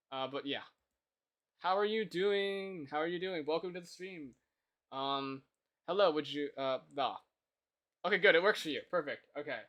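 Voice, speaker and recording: A live streamer greeting viewers and thanking them, humming and mumbling quietly between remarks while coding at a desk mic. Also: medium pitch, clean tone. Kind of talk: casual chat while coding.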